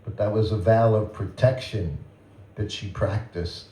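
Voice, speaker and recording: A man's voice: fairly low pitch, fairly even intonation, measured pace, recorded from a distance. Older man telling stories, roomy hall. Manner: gentle, chuckling anecdotal delivery. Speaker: guest speaker at a temple. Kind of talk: reminiscing storytelling talk. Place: temple hall. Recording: roomy temple hall with faint ambience.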